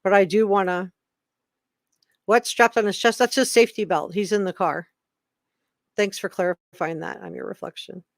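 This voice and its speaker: A woman's voice: mid-range voice, steady tone, moderate pace, vocal fry, pauses often, dry recording, clean studio sound. A woman hosting a casual live stream, chatting with viewers and reading their comments aloud.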